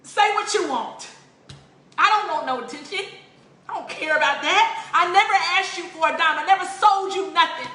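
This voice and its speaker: A woman's voice: extremely high pitch, normal speed, pushed and bright. A woman giving an emotional, tearful spoken appeal, pleading in a repetitive preaching cadence. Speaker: religious vlogger. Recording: roomy echo.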